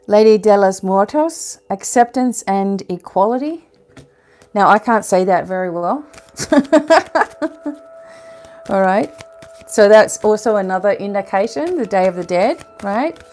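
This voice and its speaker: A woman's voice: mid-range voice, a little mellow, slight background noise. A woman giving a casual oracle card reading to her viewers, chatting, laughing at her own slips and reading card text aloud.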